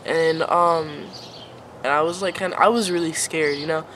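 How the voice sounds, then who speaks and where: A woman's voice: low voice, fairly even intonation, normal speed, background noise. A young woman in her late teens telling a casual storytime vlog, rambling and filling nearly every phrase with "like" and "um.". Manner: rambling, filler-heavy, says "like" constantly. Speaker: vlogger.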